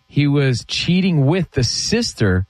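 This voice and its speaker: A man's voice: a little high, very animated, takes it slowly, a little mellow, no echo. A man in his thirties hosting sports talk radio, telling gossip with suspenseful build-ups and reading ads live on a studio mic.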